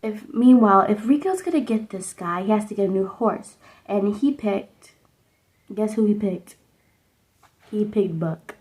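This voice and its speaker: A woman's voice: mid-range voice, a little slow, darkish tone, poor audio. Young woman vlogger, chatty and rambling, recaps a movie at home, full of fillers. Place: indoors at home under a sunset lamp.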